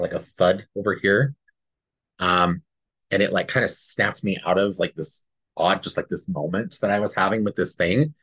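Low, husky man telling a story. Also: a bit bright, no echo. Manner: earnest, rambling, tags lines with "right?". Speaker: podcast co-host. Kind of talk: casual storytelling.

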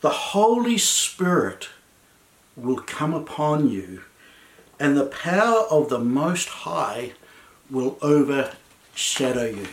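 A man voicing a calm, solemn angel. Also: high-pitched, unhurried. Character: male angel Gabriel, calm and reassuring messenger. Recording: echoey room.

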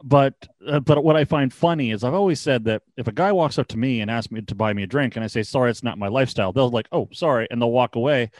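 A man's voice: medium pitch, quick pace, few pauses, a little mellow, dry recording. A man in his forties telling rambling stories in a casual chat, often laughing. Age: 40s.

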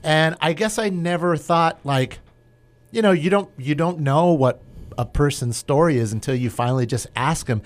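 A man's voice: fairly high pitch, moderate pace. Chatty, encouraging male interview host. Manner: encouraging, chatty with many backchannels. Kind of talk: casual interview.

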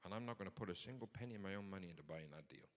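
A man's voice: low-pitched, animated, very fast, long reverb tail. A man preaching a sermon in a conversational but emphatic way. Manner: conversational, emphatic, builds to forceful points.

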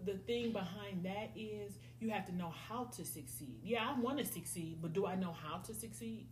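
A woman's voice: medium pitch, normal speed. A middle-aged woman, chatting on a podcast and acting out her friends' voices as she tells stories. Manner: animated storytelling, acts out friends' voices. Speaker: podcast host. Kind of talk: casual podcast chat. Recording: echoey room, faint noise.

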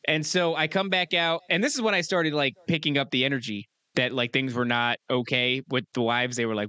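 A young man co-hosting a podcast, telling crude, animated stories with bursts of laughter. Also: mid-range voice, brisk, few pauses, smooth, no room sound. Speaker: podcast co-host. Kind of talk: casual podcast chat.

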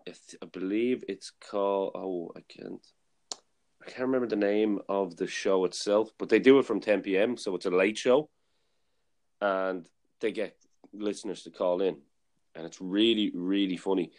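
Male podcast host, lower voice, loose chatty storyteller. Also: darkish tone. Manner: rambling storyteller, many fillers and restarts. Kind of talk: casual chat.

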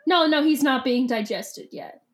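A woman's voice: high voice, expressive. A young woman co-hosting a podcast, chatting casually about a book, giggly and rambling. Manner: giggly, rambling, quick to laugh. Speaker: podcast co-host.

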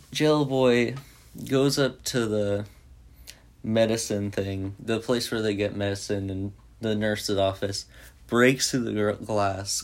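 A man with a lowish voice recaps a film in a loose, rambling way. He speaks slowly and leans on "like" constantly, with frequent restarts. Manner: rambling, heavy use of "like". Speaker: movie reviewer. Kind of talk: casual rambling movie recap.

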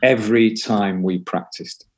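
A man's voice: lowish voice, unhurried, crowd noise. A man, a musician guest rambling through anecdotes and swearing freely. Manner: rambling anecdotes, frequent swearing, acts out other people's voices. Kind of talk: casual storytelling interview.

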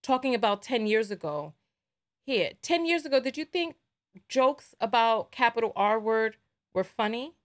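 A woman's voice: fairly high pitch, lively intonation, moderate pace. A woman hosting a livestream, giving emphatic commentary with repeated rhetorical asides. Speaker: livestream host.

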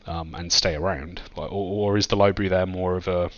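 A man's voice: low voice, fairly even intonation, fairly quick, lo-fi sound. A man hosting a podcast in casual chat, rambling with many fillers and restarts. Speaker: podcast host.

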